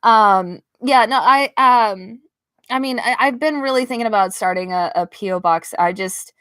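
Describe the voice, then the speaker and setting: A woman's voice: a little high, moderate pace, a bit bright, no echo. Woman, 30s, casual live-streamer and proud parent; gushes, laughs, tears up; dry bedroom mic. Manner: emotional, gushing, laughs often, chokes up. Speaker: livestreaming vlogger, parent. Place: her bedroom at home.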